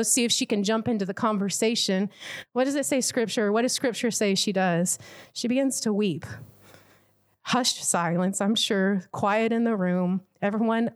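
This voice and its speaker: A woman preaching a sermon, telling a Bible story vividly and acting out what the onlookers might have said. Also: on the high side. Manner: vivid storytelling, acts out imagined quotes.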